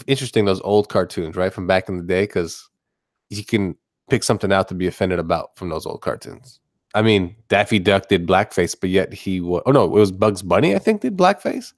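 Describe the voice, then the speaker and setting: A man's voice: sits low, animated, moderate pace, no echo, clean studio sound. A man chatting casually on a live stream, rambling through rants that build to a sarcastic punchline.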